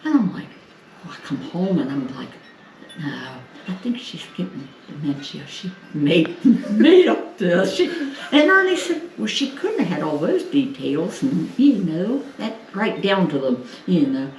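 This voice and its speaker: A woman's voice: on the low side, sing-song, measured pace, a little mellow. A woman casually telling a family story, acting out the quoted voices and laughing often. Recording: roomy, distant, faint noise.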